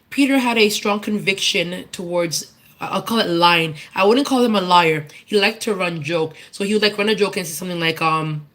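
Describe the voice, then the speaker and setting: This woman, with a mid-range and fairly bright voice, gives a candid, earnest tribute at church in the form of an informal personal testimony. She keeps searching for words, so her speech is full of restarts and repetitions.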